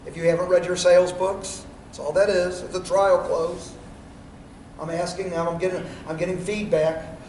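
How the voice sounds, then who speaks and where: Guy teaching sales in a meeting room, highish voice, far from the mic, kinda echoey. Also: flat delivery, normal speed, a little mellow. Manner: folksy, role-plays lines to customers. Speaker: sales trainer. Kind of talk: sales training talk. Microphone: without a microphone, away from the recorder. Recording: roomy, distant, faint room noise.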